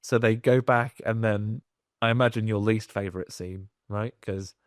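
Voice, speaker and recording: A man's voice: lowish voice, steady tone, normal speed, no echo. Guy hosting a film podcast, dry mic, joking through the plot. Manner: jokey retelling, puts on silly voices. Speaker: podcast host. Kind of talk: casual film-review chat.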